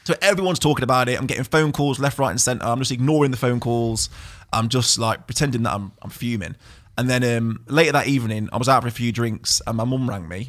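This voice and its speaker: A man's voice: medium pitch, fast talker, hardly any pauses. A young man, telling a story as a podcast guest and acting out the quotes. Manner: animated anecdote-telling, acts out quotes. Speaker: guest DJ and producer. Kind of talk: casual storytelling chat.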